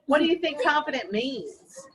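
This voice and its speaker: A woman teaching young children in a classroom, patiently asking questions and slowly explaining vocabulary. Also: sits high, big pitch swings, crowd noise, poor audio. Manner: patient, questioning, slow and encouraging. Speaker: elementary school teacher. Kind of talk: classroom lesson.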